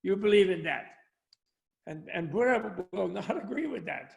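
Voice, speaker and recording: Over a video call from home, an older Buddhist scholar talks in a rambling, anecdotal way, chuckling often as he jokes through the discussion. His voice sits high and expressive, at a moderate pace with vocal fry, and the audio sounds dull.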